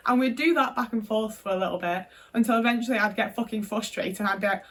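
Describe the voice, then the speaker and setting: A woman's voice: on the high side, fast, few pauses, a bit bright, distant mic. A young woman from the UK telling a personal story in casual talk, frank and full of swearing and filler words. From United Kingdom. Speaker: vlogger.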